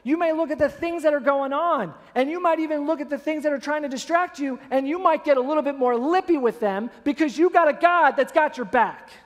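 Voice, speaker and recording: High-voiced pastor preaching in a reverberant church. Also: male voice, a little fast, few pauses. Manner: animated storytelling, acts out scenes. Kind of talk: sermon. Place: church sanctuary.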